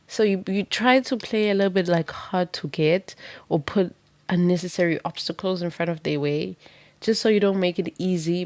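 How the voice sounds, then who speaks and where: A woman's voice: on the low side, moderate pace, darkish tone, no room sound. A woman doing a pick-a-card tarot reading, telling it as a vivid, dramatic story with casual swearing.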